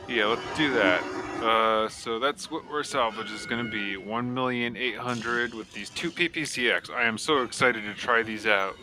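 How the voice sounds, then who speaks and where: Excitable man doing gameplay commentary. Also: medium pitch, normal speed, background noise. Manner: casual and excitable, with many fillers. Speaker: gameplay video creator. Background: loud game music.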